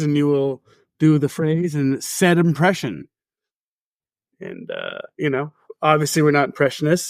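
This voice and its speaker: A man's voice: fairly high pitch, no echo, clean studio sound. Playful man hosting a podcast game. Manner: laughs a lot, playful game-show judging. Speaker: podcast co-host running a game. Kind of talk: casual chat.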